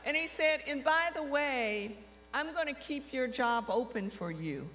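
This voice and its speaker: A woman telling a lively anecdote, acting out the dialogue with frequent quotes. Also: sits high, measured pace. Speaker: storyteller recounting her career. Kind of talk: anecdotal storytelling to an audience. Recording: long reverb hall with faint mains hum.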